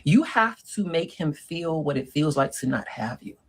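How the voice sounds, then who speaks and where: In a comedic monologue of dating advice, a performer plays a sassy middle-aged woman who keeps calling the listener "girl" and "honey." Her mid-range voice is animated and slightly rough, moving at normal speed, and the recording quality is low.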